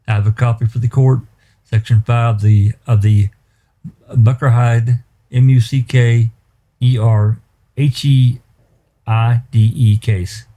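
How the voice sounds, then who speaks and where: A man's voice: mid-range voice, dark tone. A man attorney for the state addressing the court, formally citing case law with some stumbles and repeated words. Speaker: special prosecutor. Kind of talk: courtroom legal argument.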